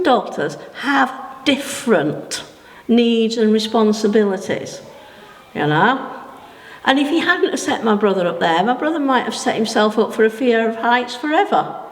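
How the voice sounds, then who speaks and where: An older woman, giving a sermon in a slow, chatty, folksy way with asides to her listeners. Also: on the high side, lively intonation. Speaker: preacher. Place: church hall. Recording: echoey hall with long reverb.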